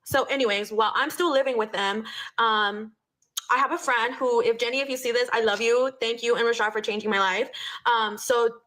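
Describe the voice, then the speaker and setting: A woman's voice: on the high side, fairly even intonation, moderate pace, fairly bright tone. A young woman telling a casual storytime, blunt and profane, dropping Spanish phrases into her speech.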